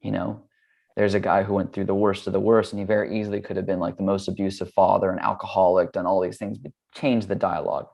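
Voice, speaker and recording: A man in his thirties from the United States speaks in a low voice with a gravelly edge. He tells a personal story in a relaxed, candid way, with easy fillers and the odd curse. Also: fast talker. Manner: relaxed and candid, loose fillers, casual swearing. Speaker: yoga teacher and guest. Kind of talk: casual storytelling.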